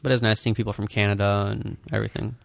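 A man's voice: lowish voice, little pitch movement, fast, creaky, no echo. A man co-hosting a podcast, telling rambling anecdotes in casual chat, full of "like". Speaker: podcast co-host.

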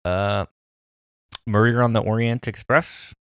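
Very deep-voiced man in easy chat. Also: fairly even intonation, unhurried, a bit bright, clear, resonant tone, dry recording, clean studio sound. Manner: easygoing, laughs often, thinks aloud. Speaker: podcast co-host. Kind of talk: casual chat.

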